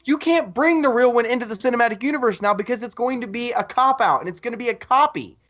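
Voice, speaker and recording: A man co-hosting a podcast, telling stories in an animated, excitable casual chat. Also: extremely high pitch, quick pace. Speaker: podcast co-host. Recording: dull lo-fi audio.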